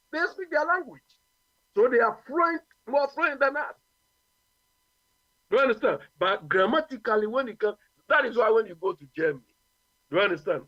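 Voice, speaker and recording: Ghanaian man, high lively voice, emphatic radio talker, dry muffled line. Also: no echo. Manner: emphatic, repeats "you understand?". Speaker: radio guest. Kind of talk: opinionated radio talk.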